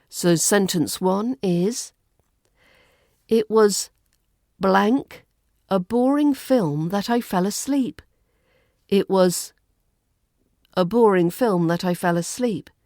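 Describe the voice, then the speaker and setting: A British woman teaches English on her podcast. She speaks unhurriedly and very deliberately, in a clear teacher's voice. The recording is dry and close, with no room sound. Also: fairly low pitch, dark tone, no room sound. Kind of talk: podcast lesson.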